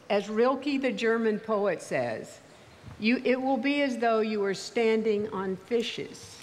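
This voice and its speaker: An older woman with a mild Texas accent, giving a commencement speech in a measured, wry storytelling manner. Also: fairly high pitch, a little hiss or hum. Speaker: commencement speaker. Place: large ceremony venue. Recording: reverberant hall, faint ambience.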